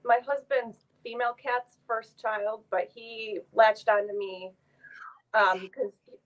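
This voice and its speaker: A woman's voice: fairly high pitch, steady tone, takes it slowly. Hesitant woman client on a tinny line. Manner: hesitant, with fillers. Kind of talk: casual answers.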